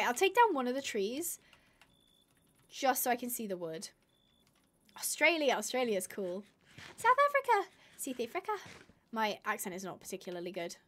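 A young woman chats her way through a live-streamed game, thinking aloud and reading viewers' messages as she goes. Her voice sits a little high and swings up and down a great deal. She rambles and restarts her sentences. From United Kingdom. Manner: chatty, rambling, reads viewer comments aloud.

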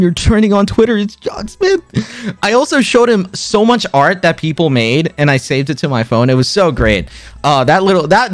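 Excitable young man streaming, dry close mic. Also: no room sound. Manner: excitable, swings pitch up and down while retelling, frequent repeats. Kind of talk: casual chat to stream viewers.

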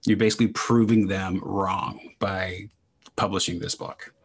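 A man's voice: deep voice, steady tone, unhurried, gravelly, husky. A man hosting a casual interview, speaking in a rambling, encouraging way with lots of fillers. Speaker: podcast host.

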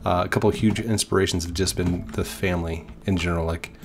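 Young male gamer, congested, lowish voice, chatty and self-deprecating over gameplay. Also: fairly even intonation, quick pace, a little hiss or hum. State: stuffed-up nose. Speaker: gaming YouTuber. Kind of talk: casual gameplay commentary.

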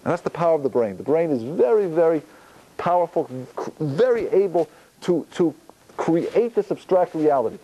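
A man, a rabbi, giving a Torah lecture on prayer, animated, posing questions and answering them himself. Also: on the high side, normal speed, low-quality recording. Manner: animated, gestures while talking, asks and answers own questions.

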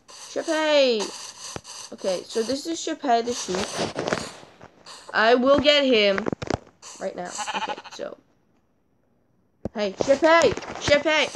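Woman host, raised pitch, chatty rambling let's-play voice, clicks audible behind her. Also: background noise. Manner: rambling and excitable, talks to the animals, repeats her outro. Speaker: gaming channel host. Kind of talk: casual let's-play commentary.

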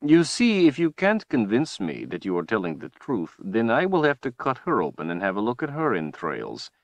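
A man voicing a slow, mocking tyrant wizard. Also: mid-range voice, huge pitch swings, dry recording, voice pushed up. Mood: taunting. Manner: slow, taunting, drawn-out delivery. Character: menacing, mocking male tyrant wizard, smooth and cruel. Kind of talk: audiobook character voice.

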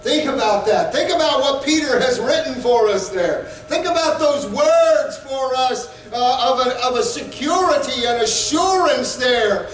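A man preaching a sermon as pastor, fervent and rising to shouts at times. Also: extremely high pitch, animated, measured pace, hardly any pauses, echoey room, far from the mic, poor audio.

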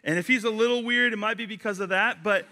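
A young man giving a casual youth sermon, chatty and animated, telling stories with lots of fillers. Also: sits high, fast talker, slight background noise. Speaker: youth pastor.

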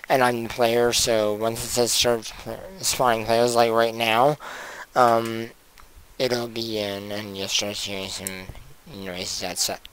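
Slow-talking young man, rambling game commentary. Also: mid-range voice, smooth, rough recording. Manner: rambling, full of ums and giggly asides. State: has the hiccups. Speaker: gaming channel host. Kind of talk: casual gameplay commentary.

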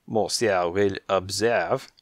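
A man putting on a suave slow tomcat. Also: deep voice, no echo, clean studio sound. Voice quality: slow, precise, mannered. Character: fussy elegant French tomcat, smooth and slow.

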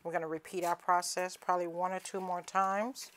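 A woman's voice: lowish voice, little pitch movement, fairly quick, a little hiss or hum. A woman with a Southern US accent, chatting folksily through a home cooking demonstration and calling viewers honey and cousin.

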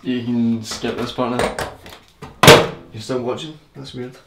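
A young man reviewing a gadget on camera in a fast, joking, rambling way. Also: mid-range voice, little pitch movement. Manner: fast-talking, joking, digressive. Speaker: tech reviewer. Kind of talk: casual rambling product review. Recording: echoey room, faint hiss.

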